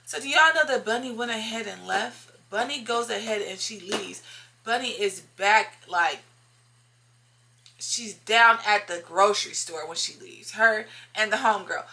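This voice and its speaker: Woman, casual storytime vlogger, sharp bright tone, emphatic and repetitive. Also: mid-range voice, a little slow, creaky. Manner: emphatic, repeats lines for effect, talks straight to viewers.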